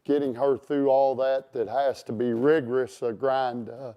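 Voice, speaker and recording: A man's voice: mid-range voice, little pitch movement, moderate pace, highs cut off. A man hosting a casual interview chat, rambling with many fillers and restarts. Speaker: show host.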